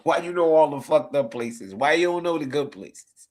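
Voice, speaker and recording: His voice sits fairly high, animated and a little mellow, at a normal speed. This Newark, New Jersey, USA native hosts a laid-back football watch-along live stream, swearing freely, circling back to the same points and laughing a lot. His accent is pure New Jersey, and he comes across worn out and yawning.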